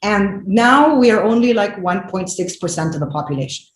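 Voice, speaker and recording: A woman in her forties, a filmmaker guest, talks in an animated, emphatic way, with many fillers and restarts. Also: mid-range voice, normal speed. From Lebanon. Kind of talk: conversational interview. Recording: echoey room with faint noise.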